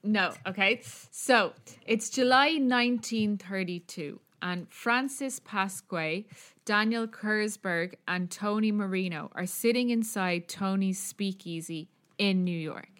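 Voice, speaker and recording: A woman's voice: medium pitch, slow pace, a bit bright. Chatty Irish woman telling a story. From Ireland. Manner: chatty, profane, many fillers. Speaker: podcast co-host. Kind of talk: casual storytelling chat.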